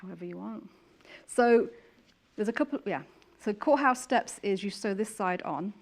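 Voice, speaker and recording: A woman's voice: medium pitch, animated, normal speed. A young woman chatting casually while she demonstrates quilting steps. She explains each step in a friendly, plain way.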